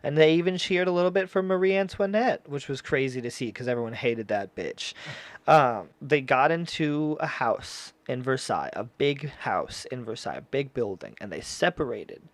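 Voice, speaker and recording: A man's voice: mid-range voice, animated, moderate pace, dry recording. A man hosting a casual podcast chat, rambling and laughing often as he riffs and acts out quoted voices. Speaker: podcast host.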